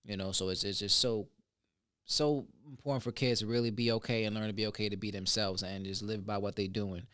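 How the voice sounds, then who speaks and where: A man hosting a casual interview, talking in a quick, rambling way and often checking in with "you know what I mean". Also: on the low side, fairly even intonation, fairly bright tone, no room sound, clean studio sound. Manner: fast, filler-heavy, keeps asking "you know what I mean". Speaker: podcast host.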